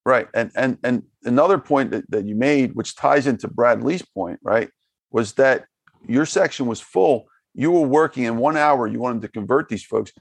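A man's voice: mid-range voice, normal speed, gravelly, dry recording. A man hosting a podcast, rambling and repeating words as he sums up his guest's points. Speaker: podcast host. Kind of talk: podcast conversation.

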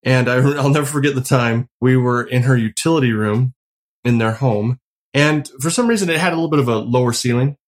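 A man's voice: mid-range voice, a little fast. A middle-aged man co-hosting a casual chat, telling family stories and laughing often. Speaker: podcast co-host.

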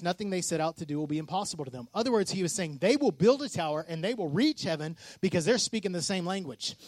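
A man gives a casual sermon in a fairly high voice. He preaches with animation and slips into quick impressions of the people he talks about. The sound is close and dry. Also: dry recording. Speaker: pastor.

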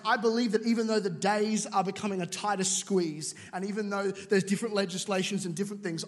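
A high-pitched man preaching in a church auditorium. He tells jokey stories and throws in quick asides, and his voice trails off in a long hall reverb. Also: fairly even intonation, a little hiss or hum. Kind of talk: sermon.

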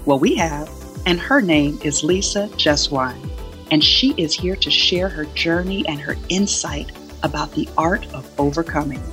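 A woman's voice: low voice, lively intonation, unhurried, fairly bright tone, faint music behind. A woman co-hosting a podcast, introducing a guest in an upbeat, encouraging way. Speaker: podcast co-host.

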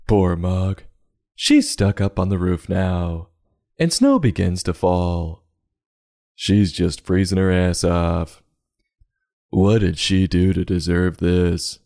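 A man's voice: low-pitched, slow, vocal fry, dark tone. A man hosting a comedic podcast that reviews children's books, with a sarcastic, jokey delivery.

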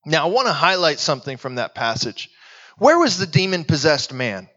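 A man preaching a sermon, telling stories earnestly and sometimes dropping to a hushed, intense voice. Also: a little high, big pitch swings, normal speed, dull audio.

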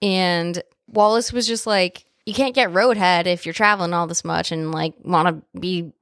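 A woman's voice: lowish voice, fairly even intonation, moderate pace, fairly bright tone, no echo, studio quality. A woman co-hosting a podcast, reacting bluntly to a horror film and swearing freely. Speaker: podcast co-host. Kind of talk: casual film recap chat.

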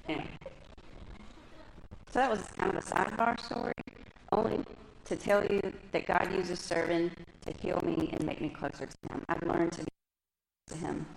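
A woman with a low voice and a gravelly edge gives a lively, conversational testimony at a women's church gathering. She tells her stories chattily to a live audience. The sound is roomy and echoey, with a faint hum behind her. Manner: lively, chatty storytelling, talks with her hands. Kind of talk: personal testimony and scripture teaching. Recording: echoey room with faint background noise.

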